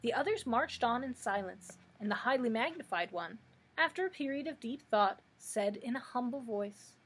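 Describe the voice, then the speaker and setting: A woman librarian reading a storybook aloud in steady narration. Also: fairly high pitch, normal speed, slight background noise.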